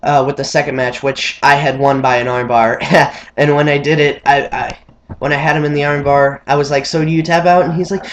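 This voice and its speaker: A man's voice: fairly quick, slight background noise. A young man rambling through a story to the camera, full of fillers and restarts. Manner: rambling, filler-heavy, mimics friends in high excited voices. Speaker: vlogger.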